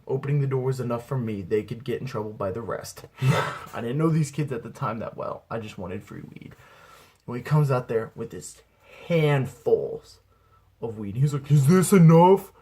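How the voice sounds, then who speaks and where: Young adult man, casual comic storyteller, husky and laid-back, swears a lot. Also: medium pitch, moderate pace, darkish tone. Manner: laid-back, slangy and profane, acts out quotes. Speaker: aspiring comedian.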